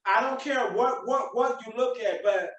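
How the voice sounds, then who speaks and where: A man with a high, bright-pitched voice hosts a live video podcast and preaches his motivational message with emphasis. He sounds set back from the mic, and his voice rings around an echoey room. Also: moderate pace, distant mic, dull audio. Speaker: podcast host.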